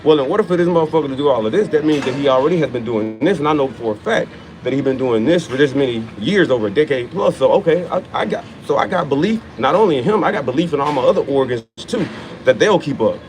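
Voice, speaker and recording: A man's voice: mid-range voice, expressive, fast, a little mellow, slight background noise, poor audio. A man in his thirties giving a profane, emphatic motivational talk about training, repeating key lines for effect. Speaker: fitness motivator. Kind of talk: motivational monologue.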